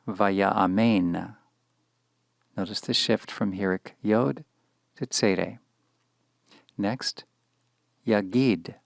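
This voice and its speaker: A man reading a scripted grammar lesson, measured and careful, pronouncing each example word deliberately. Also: on the low side, gravelly, no echo, studio quality. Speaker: language teacher. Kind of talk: scripted instructional narration.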